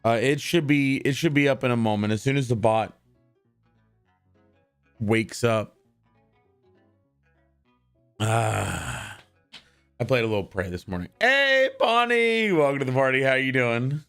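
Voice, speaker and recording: A man's voice: medium pitch, very animated, a little slow, long pauses, a bit bright, smooth, soft background music. A young man streaming live, chatting casually and greeting his viewers one by one in an upbeat, rambling way while his voice is wearing out. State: losing his voice.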